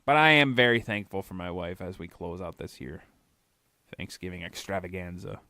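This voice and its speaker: A man's voice: sits low, moderate pace, pushed and bright, dry recording. Profane rambling man podcast co-host. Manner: profane, rambling, self-mocking about his fear of flying. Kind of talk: casual crude banter.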